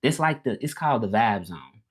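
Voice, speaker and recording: A man's voice: on the low side, sing-song, normal speed, breathy edge. A man from Memphis with a Southern US drawl, chatting casually on a livestream as a language teacher, laid-back and repeating himself as he answers viewers. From Memphis, Tennessee, United States.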